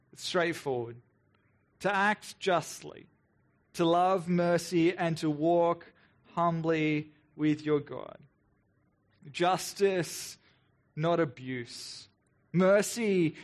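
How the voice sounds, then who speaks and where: A male pastor with a fairly high voice gives a reflective sermon in an earnest, unhurried, thoughtful way. He frequently repeats his words while working through each point, and when voicing the people he slips in quick, mocking, sarcastic rhetorical asides.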